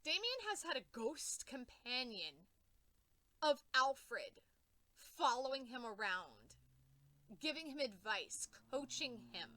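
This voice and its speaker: Young woman venting about comics, bright voice, lots of exclaiming and swearing, dry close sound. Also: sits high, dry recording. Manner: exclaiming, swearing, repeating herself. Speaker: comic book reviewer. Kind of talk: emotional reaction rant.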